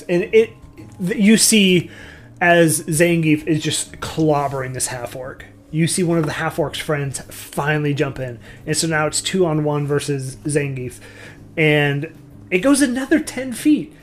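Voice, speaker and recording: A man's voice: on the high side, expressive, unhurried, slight background noise. A man running a tabletop game as game master, narrating in a loose, rambling way with frequent restarts.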